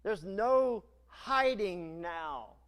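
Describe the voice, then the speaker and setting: A male pastor preaching a sermon in a church, retelling scripture in a dramatic, animated storytelling manner. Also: high-pitched, drawn-out words.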